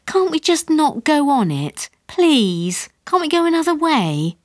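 Brief: woman doing a fretful mum, high and shrill, pitch swooping up and down, complaining nonstop. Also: sing-song, unhurried, dry recording, clean studio sound. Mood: whining. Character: anxious, whiny middle-aged English mother.

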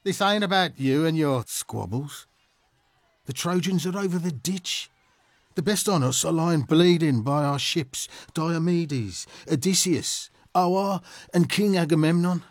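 A man's voice: fairly high pitch, measured pace, no room sound. An actor with a Birmingham accent playing a loyal, earnest Greek warrior who pleads with his friend in a radio drama. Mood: urgent.

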